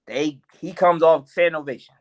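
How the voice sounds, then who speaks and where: A man's voice: fairly high pitch, normal speed. A man, a guest comedian, telling stories in a podcast interview, acting out quotes and laughing often. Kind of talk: animated storytelling in a podcast interview.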